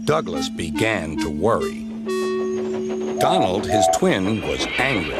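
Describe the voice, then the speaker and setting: A man narrating a children's story in an expressive storytelling manner. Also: low voice, measured pace, slightly rough. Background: background music.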